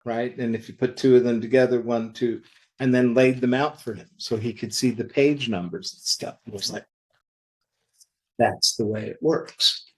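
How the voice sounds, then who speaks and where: A man who works in comics, telling anecdotes in a podcast interview, acting out the quoted lines in lively voices. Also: medium pitch, moderate pace. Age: older. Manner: animated anecdotal storytelling, acts out quoted dialogue. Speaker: interview guest, comic creator.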